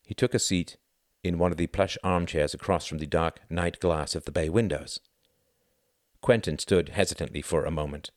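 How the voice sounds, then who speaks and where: Deep-voiced man narrating a novel. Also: moderate pace, no echo, studio quality. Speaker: audiobook narrator. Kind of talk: scripted narration.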